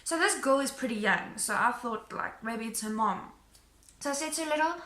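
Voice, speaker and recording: A woman tells a story to her camera in a casual, animated way. Her voice is high and bright with a gravelly edge. The room sounds echoey. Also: normal speed. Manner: animated retelling, acting out quotes. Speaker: vlogger.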